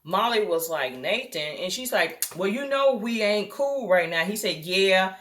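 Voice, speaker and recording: Woman, bright voice, casual tv recap, chatty retelling, acts out quotes. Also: medium pitch, expressive, measured pace. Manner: chatty retelling, acting out quotes, frequent um and you know. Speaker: TV recap reviewer.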